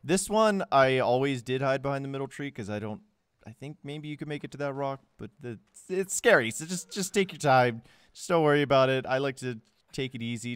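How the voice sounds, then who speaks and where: A young man giving a casual, joking game walkthrough voice-over, rambling with sarcastic asides. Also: medium pitch. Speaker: gameplay guide narrator.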